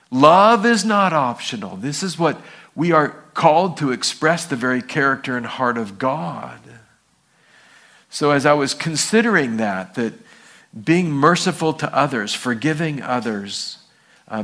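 A male pastor delivers a sermon full of lively stories, raising his voice as he acts out the people in them and giving the quoted characters a high-pitched voice.

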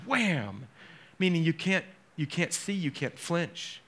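A middle-aged man preaching a sermon as pastor, acting out scenes with dramatic slow pauses. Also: on the high side, a bit bright.

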